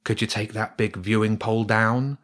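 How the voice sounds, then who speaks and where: Man voicing a smooth, sarcastic cormorant. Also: on the low side, flat delivery, a bit bright, lightly acted. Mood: aloof. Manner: slow, dry, sarcastic. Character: aloof smooth-voiced male cormorant bird.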